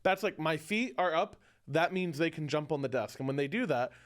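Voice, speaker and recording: Man, somewhat high voice, relaxed, self-deprecating, casual host chat. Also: fairly quick. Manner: laid-back, laughs along, self-deprecating. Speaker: host and pro player.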